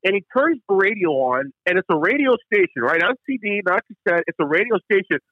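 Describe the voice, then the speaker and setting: A man co-hosting a casual hockey show, telling stories quickly with lots of stumbles and restarts. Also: high voice, big pitch swings, no room sound, narrow, tinny audio. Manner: rapid storytelling with frequent restarts. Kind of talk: casual sports chat.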